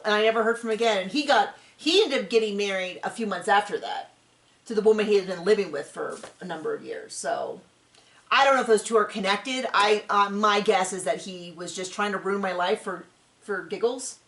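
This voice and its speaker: A woman hosting a casual recap chat, telling stories in an animated way with lots of "like". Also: mid-range voice, fairly quick. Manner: animated storyteller, frequent "like". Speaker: podcast host. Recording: roomy echo.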